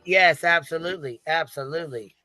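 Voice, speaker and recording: A woman hosting a livestream, chatting casually and telling a story in a relaxed, agreeable way. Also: deep voice, a little fast, dry recording. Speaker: livestream host.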